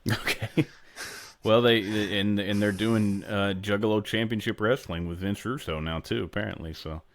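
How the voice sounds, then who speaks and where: A man's voice: fairly low pitch, fairly even intonation, normal speed, slight background noise. A man co-hosting a podcast in casual chat, rambling and restarting his sentences. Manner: rambling, self-interrupting. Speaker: podcast co-host.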